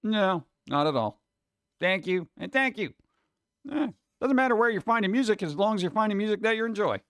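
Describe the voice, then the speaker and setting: Chatty man with a smooth, resonant voice. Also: sits high, fairly quick, no echo, studio quality. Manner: animated, chatty, slips into mock voices. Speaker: streamer host. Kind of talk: casual chat with viewers.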